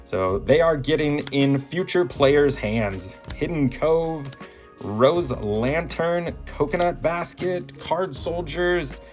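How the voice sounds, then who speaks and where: A man's voice: on the high side, slow pace, faint music behind. A man hosting a card-opening vlog, calling out each card and gushing when a big pull appears. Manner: gushing, animated, breaks into laughter and shouts at big pulls. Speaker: card-opening channel host. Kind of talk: excited pack-opening vlog.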